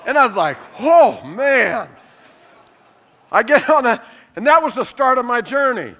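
A middle-aged man preaching a sermon, lively and emphatic, telling funny stories and laughing along. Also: extremely high pitch, fairly quick. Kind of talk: sermon with humorous storytelling.

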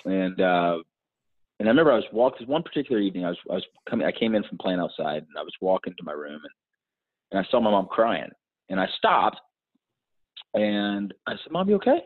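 A middle-aged man with a husky, somewhat low voice shares his story earnestly and reflectively, often stumbling and restarting. The sound is tinny and phone-like, as if heard over a remote call. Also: brisk. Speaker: guest. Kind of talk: personal storytelling in an interview.

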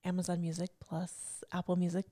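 A woman's voice: fairly low pitch, completely flat delivery, fairly quick, mellow. A woman co-hosting a casual money podcast in an upbeat, teasing way. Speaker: podcast co-host.

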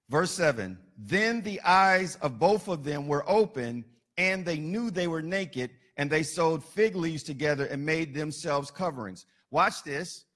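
A man's voice: a little high, fairly bright tone. A man preaching a sermon, building emphasis through repetition and dropping into casual asides. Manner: colloquial asides.

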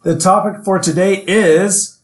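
A man's voice: high voice, fairly even intonation, unhurried. A man hosting a casual podcast, upbeat and welcoming, sometimes searching for words. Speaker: podcast host. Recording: echoey room with faint noise.

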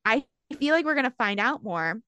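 A woman's voice: fairly high pitch, animated, fairly quick, bright, forceful tone, smooth. A woman co-hosting a book podcast, chiming in bluntly and casually while discussing the story. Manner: short agreeing replies, blunt and swearing. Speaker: podcast co-host.

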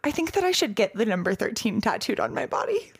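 A young woman chatting on a podcast with a co-host. She tells stories with lots of fillers and bursts of giggling, and she jumps into higher voices when she quotes people. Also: sing-song, fast, noisy background. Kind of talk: casual chat.

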